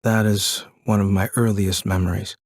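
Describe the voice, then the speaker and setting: A middle-aged man narrating an audiobook in a measured, reflective first-person telling. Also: fairly low pitch, little pitch movement, no echo, clean studio sound.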